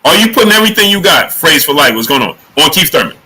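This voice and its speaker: Guy hosting a boxing live stream, hammering the same question at chat, sharp bright voice. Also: fairly high pitch, fast, husky, low-quality recording. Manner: energetic, emphatic, repeats questions. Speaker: boxing show host. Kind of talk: live-stream talk with chat shout-outs.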